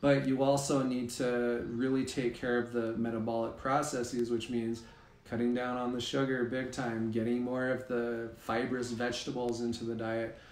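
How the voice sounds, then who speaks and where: A man, a health practitioner guest, explaining things in a measured, casual way. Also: mid-range voice, level tone, darkish tone, reverberant.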